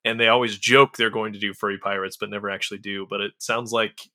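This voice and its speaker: A man with a bright, mid-pitched voice hosts a relaxed podcast chat and laughs along easily. The recording is close and dry. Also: quick pace, no room sound.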